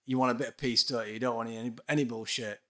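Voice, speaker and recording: Man, podcast guest, storyteller, swears, skeptical, bright voice. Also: medium pitch, fairly even intonation, fast. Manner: swearing, dry and skeptical, acts out voices in stories. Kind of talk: casual storytelling.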